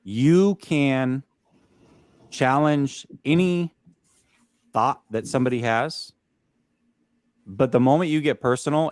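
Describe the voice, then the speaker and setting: A man's voice: mid-range voice, a little mellow, no echo. A man hosting a live stream, firmly and directly setting the rules for his chat. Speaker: stream host.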